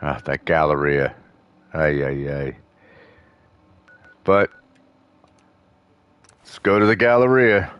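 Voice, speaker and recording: Brief: deep-voiced male let's-play host, loose rambling gameplay chatter. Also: lively intonation, slow pace, pauses often, clean tone, no room sound, dull audio. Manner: rambling, full of fillers and restarts. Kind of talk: casual gameplay commentary.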